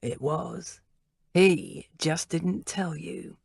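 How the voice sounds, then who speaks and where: A woman voicing a ruthless male hired killer with a gravelly voice, giving cold, curt orders. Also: on the high side, extremely slow, no room sound, clean studio sound, exaggerated voice.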